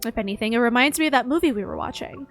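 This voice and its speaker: Young woman streamer, a bit high, reading game story aloud with quips, soft music behind. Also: animated, very fast. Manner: reads narration, breaks off into joking asides.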